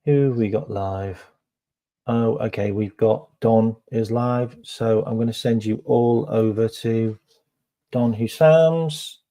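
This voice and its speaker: A man's voice: fairly low pitch, fairly even intonation, slow pace, warm tone. A man hosting a casual live stream, chatting to viewers with lots of ums and repeated phrases.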